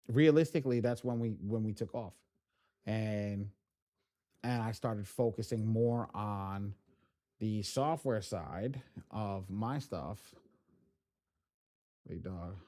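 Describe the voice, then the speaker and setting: A man hosting a live training class, telling stories in a casual, animated way, swearing freely and often restarting his sentences. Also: on the low side. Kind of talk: casual live-stream storytelling.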